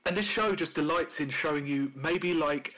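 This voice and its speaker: A man's voice: a little high, moderate pace, fairly bright tone, rough recording. A man co-hosting a casual podcast chat, rambling with many fillers and restarts, and swearing now and then. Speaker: podcast co-host.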